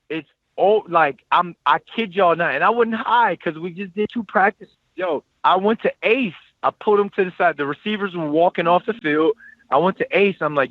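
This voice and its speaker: Former athlete guest, 30s, male, lively slangy storyteller who repeats himself; dry, tinny phone-quality sound. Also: high voice, a little slow, no room sound. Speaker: podcast guest, former football player. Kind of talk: casual storytelling interview.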